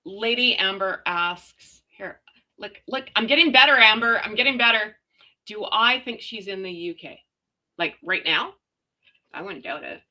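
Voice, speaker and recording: A sarcastic woman hosts a chatty livestream, commenting and reading out viewer messages with emphasis. She takes her time, lingering over each phrase in an unhurried way. Her voice is bright and ringing. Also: mid-range voice, animated, low-quality recording. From United States. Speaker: host.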